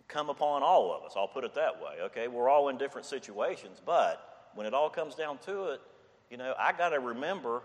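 A man preaching a sermon in a relaxed, conversational way, often checking in with "okay?". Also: mid-range voice. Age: 60s. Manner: conversational, repeats "okay?" and "I mean". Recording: long hall reverb.

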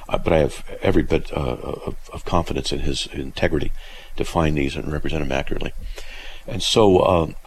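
Deep-voiced man hosting talk radio. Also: slight background noise, low-quality recording. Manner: emphatic, scornful bursts of high-pitched exclamation; loose, rambling with many fillers. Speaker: radio show host. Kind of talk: call-in radio talk on theology.

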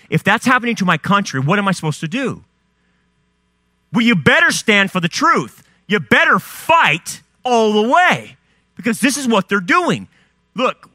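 High, lively male preacher firing questions at the crowd, bright edgy tone, dry close sound. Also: no echo. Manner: fiery rhetorical questions, rising and dropping emphasis. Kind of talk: sermon.

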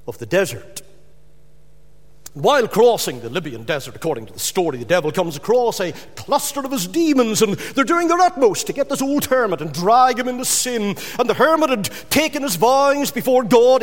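High, lively preacher in an echoey hall. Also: male voice. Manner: dramatic, swinging between loud emphasis and hushed drops. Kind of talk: sermon.

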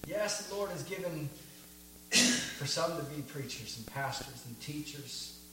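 A man preaching a sermon as a visiting missionary, impassioned and swinging from soft to loud emphasis, chuckling between points. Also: on the high side, animated, a little slow, slight background noise. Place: church sanctuary. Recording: echoey church room.

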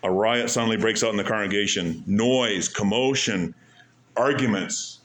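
A man preaching a sermon, asking rhetorical questions and stressing points with pauses and sudden drops in volume. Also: lowish voice, a bit bright. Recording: echoey room.

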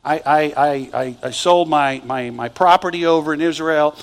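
A man's voice: fairly high pitch, moderate pace, voice pushed down, close to an everyday voice. A man voicing a desperate runaway prophet, stammering and determined. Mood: resolute.

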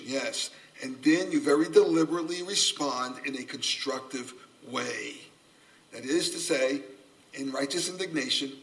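A man preaching a sermon, animated, acting out quoted voices and repeating his key phrases. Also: mid-range voice, distant mic, low-quality recording. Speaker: pastor.

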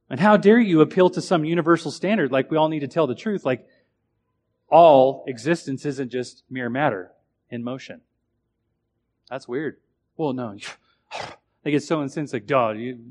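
A man preaching a sermon in a conversational style, asking his listeners questions and swinging between loud emphasis and quiet asides. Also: mid-range voice. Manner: conversational, asks the audience questions.

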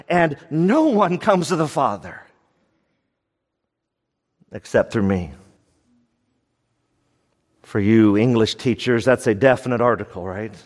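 A man preaching a sermon as pastor, fervent, with big swings between raised and hushed passages. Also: mid-range voice, expressive, slow, pauses often, long reverb tail.

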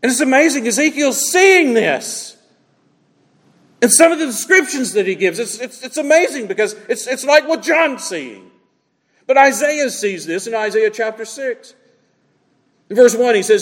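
Male pastor, high voice, emphatic sermon delivery, big reverberant church hall. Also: sing-song, normal speed. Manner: emphatic, swings between loud declaiming and quiet asides.

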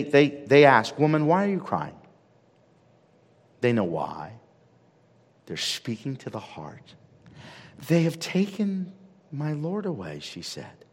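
A man's voice: medium pitch, breathy edge. Man preaching with big dynamic swings. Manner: dramatic preaching, swinging from hushed to loud. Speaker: pastor. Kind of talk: sermon. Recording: reverberant hall.

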